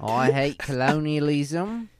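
A man doing an impression of a deadpan woman comic in a put-on Australian accent, telling grim jokes about grief. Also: on the high side, takes it slowly, slight background noise. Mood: sulky.

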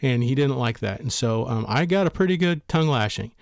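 A man's voice: mid-range voice, expressive, brisk, gravelly, no room sound, clean studio sound. Blunt, emphatic male podcast host. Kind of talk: motivational talk on leadership.

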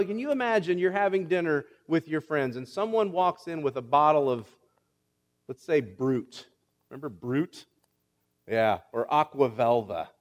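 A middle-aged man preaching a sermon to his congregation, asking them questions and reading scripture aloud. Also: a little high. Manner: animated, rhetorical questions to the congregation. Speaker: pastor. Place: church sanctuary. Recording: long reverb of a church hall.

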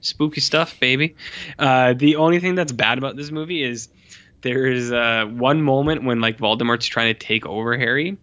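A young man chatting casually and animatedly about movies as a podcast co-host, swearing now and then. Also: mid-range voice. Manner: animated, swears, mimics characters with squeals. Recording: slightly dull lo-fi audio.

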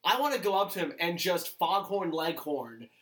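A woman's voice: fairly low pitch, very animated, normal speed. A woman co-hosting a casual comedy chat, rambling, swearing and laughing often, in a roomy-sounding recording. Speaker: podcast co-host. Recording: roomy echo.

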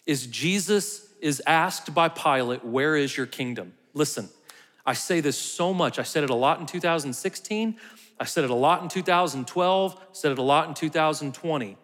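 A man's voice: on the high side, a bit bright, in a large hall. A man preaching a conversational sermon, sometimes dropping to a near whisper for emphasis. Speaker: pastor.

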